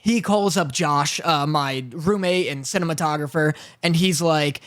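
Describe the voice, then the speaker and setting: A man's voice: on the high side, a little slow, few pauses, fairly bright tone. A man co-hosting a podcast who tells a story in a rambling, stuttering way with nervous laughs, in a state of mild panic. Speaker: podcast co-host. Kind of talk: casual storytelling chat. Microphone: phone recording a live stream.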